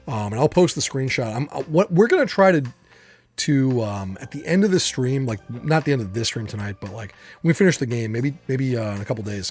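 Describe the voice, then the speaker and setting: A man streaming a game, chatting casually and reading game text aloud in a relaxed, rambling way with frequent fillers. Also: medium pitch, husky.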